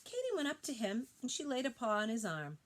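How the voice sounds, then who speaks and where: A woman reading a picture book aloud to children, expressive and pausing to point out the pictures. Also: fairly high pitch, slight background noise. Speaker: storybook reader.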